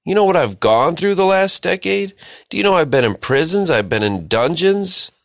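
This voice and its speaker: A man's voice: on the high side, big pitch swings, moderate pace, creaky, no room sound, studio quality, pitched above the performer's own voice. A man acting out an angry man confronting his brothers over what they did to him. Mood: indignant. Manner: indignant rising questions.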